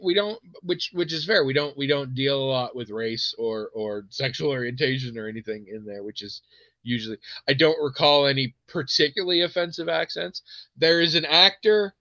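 A man co-hosting a podcast in casual chat, telling stories animatedly with quick restarts and putting on voices now and then. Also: mid-range voice, bright, forceful tone, no echo. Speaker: podcast co-host. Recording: dry, slightly muffled mic.

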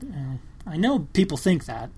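A man's voice: on the high side, very animated, moderate pace, darkish tone. A man co-hosting a podcast in casual chat, earnest and hesitant, often restarting his sentences. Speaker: podcast co-host.

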